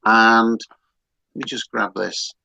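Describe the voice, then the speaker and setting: A man's voice: fairly low pitch, little pitch movement, takes it slowly, vocal fry, bright, forceful tone, lo-fi sound. A man hosting a casual online talk show, chatty and rambling, with frequent restarts. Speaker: host.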